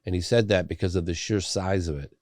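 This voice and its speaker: A middle-aged man, a documentary filmmaker, telling a story as a guest in a podcast interview, animated and loose with fillers. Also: low voice, a little fast, dry recording, clean studio sound.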